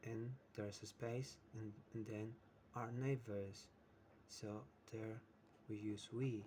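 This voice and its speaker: A man's voice: lowish voice, fairly even intonation, slow, mellow, slight background noise. A man teaching an English lesson who explains with many examples and keeps checking in with "right?". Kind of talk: slow, patient English lesson.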